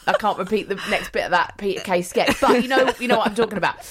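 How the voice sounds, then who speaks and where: A middle-aged woman, co-hosting a radio show and telling stories in a chatty, animated way with frequent laughter. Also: medium pitch, fast talker, husky. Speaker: radio co-host. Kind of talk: casual radio chat.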